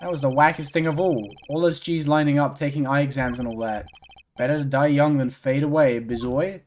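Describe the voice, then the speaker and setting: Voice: medium pitch, steady tone, brisk, darkish tone, close to an everyday voice. A streamer voicing a swaggering young male heir who talks in gangster slang. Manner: slangy street talk, drawled.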